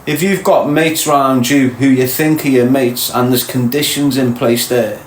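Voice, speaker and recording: A man's voice: mid-range voice, steady tone, a little slow, hardly any pauses, roomy sound, a little hiss or hum, rough recording. A man from Liverpool with a Scouse accent, hosting a live stream and lecturing his viewers bluntly. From Liverpool, England. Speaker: podcast host.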